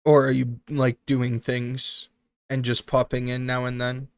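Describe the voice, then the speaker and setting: A man casting a strategy game tournament live on stream, chatty and joking with quick asides. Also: medium pitch, monotone, clear, resonant tone, dry recording.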